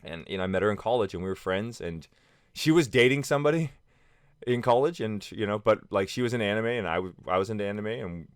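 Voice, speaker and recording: A man's voice: on the low side, lively intonation, fast talker, clean tone, dry recording, clean studio sound. A man in his thirties telling personal stories casually to camera, rambling with many fillers and restarts. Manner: acts out friends' lines in quoted voices. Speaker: vlogger.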